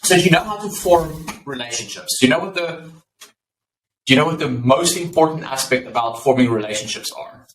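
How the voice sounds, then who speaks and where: A man talking as a psychology professor guest in a casual podcast interview, explaining earnestly with lively anecdotes and many ums. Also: medium pitch, a little fast, a little hiss or hum. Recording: roomy echo.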